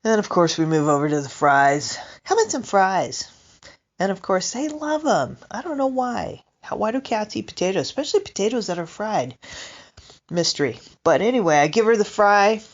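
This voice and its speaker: A woman's voice: mid-range voice, moderate pace, highs cut off. A woman doing a stand-up comedy monologue, rambling and asking her listeners questions. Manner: rambling, animated, asks the audience questions. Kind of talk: comic monologue.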